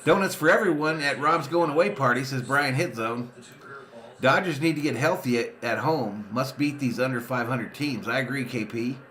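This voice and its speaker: A man hosting a live fan watch party, calling pitches with excitement and reading viewer comments aloud between plays. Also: normal speed. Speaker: sports fan streamer and watch-party host.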